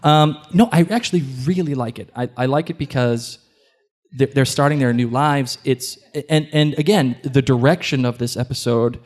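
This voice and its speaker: A man with a Boston accent co-hosting a live podcast in a hotel event room, animated and joking with the crowd. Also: mid-range voice. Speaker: podcast co-host. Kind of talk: live podcast chat before an audience.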